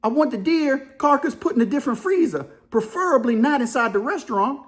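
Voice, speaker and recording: High-voiced New Orleans man telling stories. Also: lively intonation. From Louisiana, New Orleans area. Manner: casual storytelling, drawling slang, quick laughs. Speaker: commentary video host. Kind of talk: reaction commentary.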